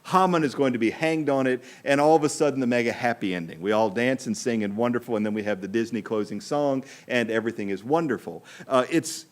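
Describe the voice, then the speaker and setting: A middle-aged priest retelling a Bible story on a podcast with wry, animated delivery. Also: male voice, mid-range voice.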